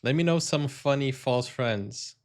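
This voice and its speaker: A man's voice: mid-range voice, unhurried. A British man, an English teacher hosting a reaction video, chatting enthusiastically and talking straight to his viewers. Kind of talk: casual reaction commentary.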